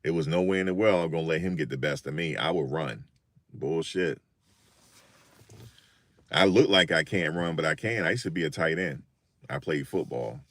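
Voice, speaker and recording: Deep-voiced older new guy rambling through funny stories, dry sound. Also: normal speed, long pauses, no room sound. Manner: animated, jokey, repeats himself. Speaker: vlogger. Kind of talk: casual storytelling monologue.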